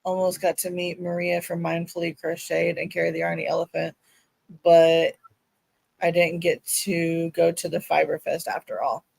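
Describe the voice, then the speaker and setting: An upbeat woman from Florida chats with a friend on a livestream and laughs easily. Her voice is gravelly and husky, recorded dry and close to the mic. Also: lowish voice, flat delivery, normal speed, a little mellow, no room sound, low-quality recording. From Florida, USA. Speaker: guest. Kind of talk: casual chat.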